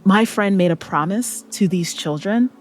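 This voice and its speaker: A woman's voice: medium pitch, moderate pace. A woman player in a tabletop role-playing game, speaking earnestly in and out of character.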